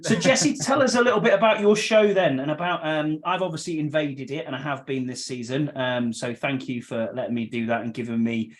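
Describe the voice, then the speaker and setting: A man's voice: on the high side, brisk, few pauses. A man from England hosting a podcast, greeting and chatting in an upbeat, friendly way. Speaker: podcast host. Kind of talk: casual podcast chat.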